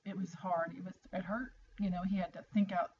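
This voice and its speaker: A woman's voice: fairly low pitch, fairly even intonation, brisk, a little mellow. A middle-aged woman talking straight to her viewers in a chatty, encouraging motivational vlog, restarting sentences as she goes. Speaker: vlogger. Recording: slightly dull lo-fi audio with faint noise.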